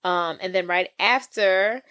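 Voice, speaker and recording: A woman co-hosting a movie recap podcast, chatting casually and animated, with slang and quick impressions of the characters. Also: mid-range voice, clean tone, no echo. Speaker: podcast co-host.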